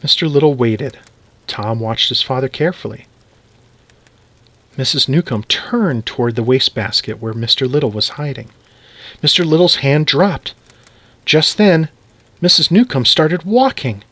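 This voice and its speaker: Animated male storybook reader. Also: mid-range voice, measured pace, long pauses, dry recording. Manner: animated, expressive reading. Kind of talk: read-aloud children's storytelling.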